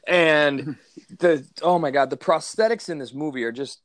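A man's voice: fairly high pitch, normal speed, no room sound. Man ranting profanely in a podcast. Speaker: podcast co-host. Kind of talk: casual movie review chat.

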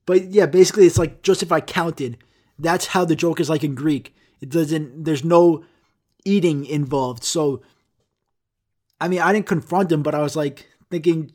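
A man's voice: fairly high pitch, moderate pace, darkish tone. A man hosting a podcast, ranting in a rambling, profane and self-mocking way. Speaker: podcast host. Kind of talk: casual podcast rant.

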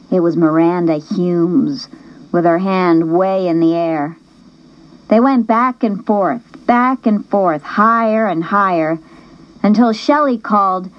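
Slow, low-voiced woman narrating an audiobook. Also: muffled recording. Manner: plain storytelling, measured. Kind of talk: first-person audiobook narration.

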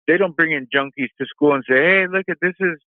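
A man's voice: fairly high pitch, quick pace, no room sound. A man calling in to a talk show, rambling with many ums and you-knows. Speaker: caller. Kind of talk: phone call-in rant. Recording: phone line.

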